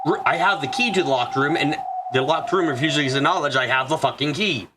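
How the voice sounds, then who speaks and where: A man's voice: on the high side, a little fast. A young man hosting a game playthrough, venting in a profane, exasperated rant. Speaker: let's play host. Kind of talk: casual gameplay commentary, venting.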